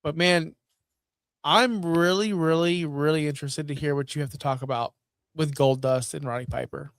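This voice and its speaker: A man's voice: a little high, steady tone, normal speed, a bit bright, clear, resonant tone, no echo. A man co-hosting a podcast, talking casually and thinking aloud as he goes. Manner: conversational, thinks aloud with fillers. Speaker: podcast co-host. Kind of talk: casual wrestling podcast chat.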